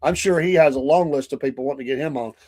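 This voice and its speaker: A man's voice: a little high, racing, darkish tone. Rambling man spinning yarns. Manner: rambling storyteller with many restarts and fillers. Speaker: co-host reading viewer comments. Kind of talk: casual livestream chat.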